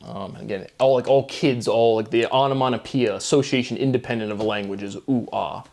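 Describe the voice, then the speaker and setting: A man's voice: mid-range voice, brisk, gravelly, a little mellow. A man hosting his own channel, talking alone in a loose, rambling monologue about word logic, full of fillers and self-corrections. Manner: loose, filler-heavy, wordplay-driven musing. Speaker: solo channel host.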